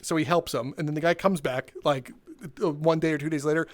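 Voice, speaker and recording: A man hosting a gaming video, telling animated stories from work and laughing as he goes. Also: a little high, fairly quick. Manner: animated, laughs through his own stories. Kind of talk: casual storytelling while playing a VR game.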